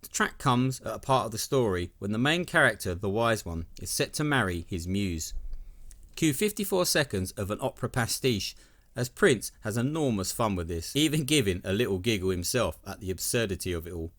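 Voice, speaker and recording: A man's voice: on the low side, expressive, a little fast, a bit bright. A man giving scripted narration as a video essay host, with enthusiastic, wry commentary.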